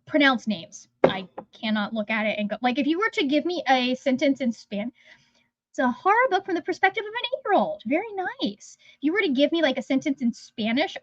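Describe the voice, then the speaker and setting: A high-pitched woman chats casually as a livestream host, rambling and restarting her sentences as she goes. Her voice is dry and close, with a slightly dull, lo-fi sound. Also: expressive, fast, no room sound. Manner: rambling, chatty, trails off mid-sentence. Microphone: phone.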